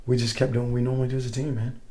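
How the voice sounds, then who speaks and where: A middle-aged man, a former soldier, telling stories in a casual interview, animated and acting out what others said. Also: mid-range voice, rapid-fire. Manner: animated, acts out quoted voices, swears casually. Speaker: guest, former Green Beret.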